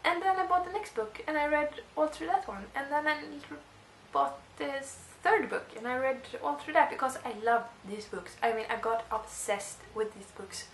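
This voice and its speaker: A woman's voice: high-pitched, normal speed, a little hiss or hum. Gushing young woman in a roomy echo. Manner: gushing, excitable, rambling with restarts. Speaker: book vlogger. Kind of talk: casual monologue to camera.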